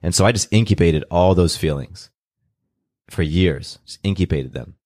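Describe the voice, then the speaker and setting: A man from California talking openly and earnestly in an interview, unhurried, often restarting his sentences. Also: sits low, darkish tone, no room sound, studio quality. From California, USA. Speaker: guest. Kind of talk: reflective personal storytelling.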